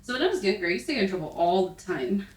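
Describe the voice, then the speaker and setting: A young woman in her twenties giving casual, excitable commentary while playing a VR game, bursting into squeals and laughter when startled. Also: medium pitch, very fast. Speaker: VR gaming YouTuber.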